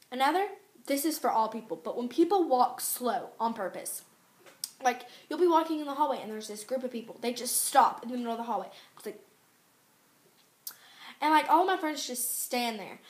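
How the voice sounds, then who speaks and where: Teenage girl, casual vlog rant, exasperated and chatty, highish voice, roomy echo. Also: animated. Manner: ranting, exasperated, fast and chatty. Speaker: vlogger. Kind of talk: casual chat to camera. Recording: echoey room.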